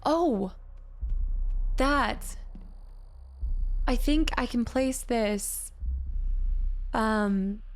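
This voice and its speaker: A woman's voice: on the high side, drawn-out words, long pauses. A woman streaming a horror game live, chatting with viewers and reading on-screen text aloud as she plays.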